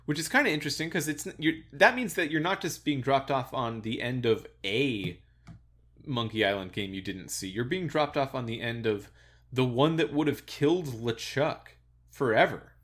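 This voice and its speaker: A man in an easygoing podcast chat, his voice at a middling pitch. He sounds amused and loose, trailing into chuckles and restarts as he thinks aloud. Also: moderate pace. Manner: relaxed and amused, chuckles often, hesitant restarts. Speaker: podcast co-host. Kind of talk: casual chat.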